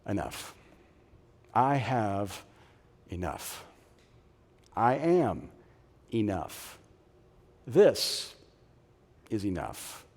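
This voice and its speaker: A middle-aged man preaching a sermon as a pastor, animated, moving between loud punchy lines and soft low phrases. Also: extremely slow, long pauses. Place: church auditorium. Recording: long reverb of a large hall.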